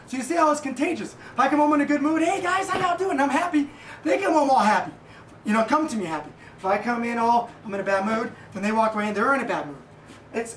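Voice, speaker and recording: A man giving a casual motivational monologue as a podcast host, rambling and halting with many fillers. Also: high-pitched, a bit bright. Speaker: podcast host and small business owner. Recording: echoey room, distant mic, faint noise.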